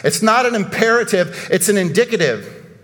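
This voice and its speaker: A male pastor giving a sermon, animated and emphatic, asking rhetorical questions and breaking into sudden outbursts. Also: high-pitched, normal speed, long reverb tail.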